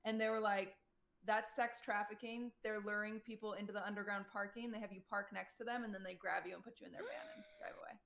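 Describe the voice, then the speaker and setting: A young woman streamer telling a personal story to her chat in a casual, animated way, full of fillers and quoted voices. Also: medium pitch, fast talker. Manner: animated retelling, quotes people, many "like" fillers.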